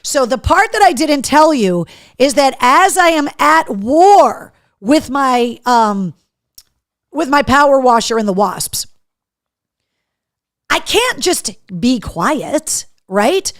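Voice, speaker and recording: A woman hosting a live show, chatting and reading viewer comments aloud, telling stories in an animated, profane way. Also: high-pitched, takes it slowly, no room sound, studio quality. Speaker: host.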